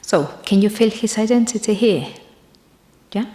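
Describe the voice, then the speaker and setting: A woman giving an academic conference talk, in a halting way that often pauses to search for the next word. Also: medium pitch, animated, warm tone, reverberant. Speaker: conference presenter.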